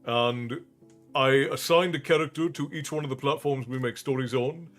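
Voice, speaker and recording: Casual stream host, a man from Ireland, friendly and rambling, with soft music underneath. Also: medium pitch, normal speed. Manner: friendly, rambling, greets viewers by name. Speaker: livestream host and storyteller. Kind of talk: casual chat with stream viewers.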